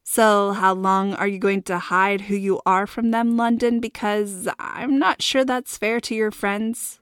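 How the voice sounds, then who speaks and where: A cheerful middle-aged mom from a storybook, teasing and gentle, voiced by a woman narrator. Her voice stays close to the narrator's own. The sound is close and dry. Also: mid-range voice, fairly even intonation, a little slow, clean tone, no room sound, close to an everyday voice.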